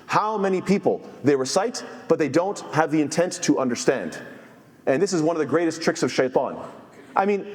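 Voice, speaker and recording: A man's voice: on the high side, lively intonation, brisk, in a large hall. A man giving an earnest sermon as imam, quoting scholars in Arabic and then translating. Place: masjid.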